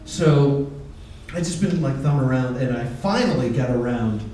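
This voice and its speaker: A man doing a stand-up comedy set on a convention stage, acting out both sides of his stories with quick voice changes. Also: mid-range voice, expressive, noisy background. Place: convention stage with live audience. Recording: echoey room, far mic, crowd.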